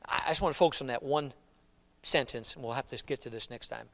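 A man's voice: mid-range voice, fast, gravelly, in a large hall. A male pastor preaching a sermon in a church, emphatic and conversational with frequent restarts. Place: church sanctuary.

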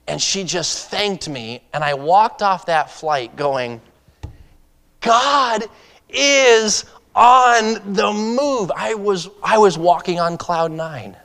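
A man preaching as an evangelist, telling a story with animated swings between loud excitement and soft earnest delivery. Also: a little high. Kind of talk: sermon storytelling. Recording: long hall reverb.

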